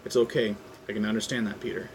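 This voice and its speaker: A calm, steady male vigilante who speaks plainly and reassuringly, voiced by a man reading his own script. Faint noise lingers behind. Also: lowish voice, fast talker, lightly acted. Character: calm gruff male blind vigilante lawyer.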